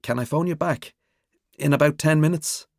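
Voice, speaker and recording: A man's voice: on the high side, normal speed, gravelly, no room sound, studio quality, voice pushed up. A man voicing a polite but evasive male acquaintance speaking on the phone in an audiobook.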